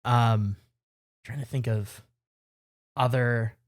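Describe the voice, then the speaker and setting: A man's voice: mid-range voice, steady tone, takes it slowly. A man co-hosting a podcast, telling stories in a rambling, self-deprecating way in casual chat. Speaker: podcast co-host.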